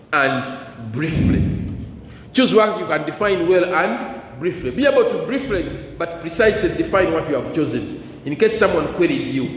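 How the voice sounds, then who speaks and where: A man's voice: high-pitched, a little hiss or hum. A man giving career guidance to students at a school, leaving blanks in his sentences for the class to fill in. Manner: call-and-response, leaves blanks for the class to fill. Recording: echoey hall, faint ambience.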